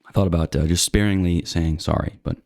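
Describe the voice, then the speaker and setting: Guy with a low voice rambling his opinions, blunt, lots of likes and ums, dry close sound. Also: steady tone, a little fast, darkish tone, no echo. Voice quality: rambling, many fillers and restarts. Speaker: channel host. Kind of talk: casual monologue to camera.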